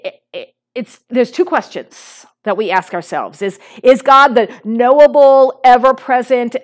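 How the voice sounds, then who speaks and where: A middle-aged woman pastor gives her sermon like a conversation, with fillers and restarts along the way. In one story she performs a young boy's lines in a raised voice.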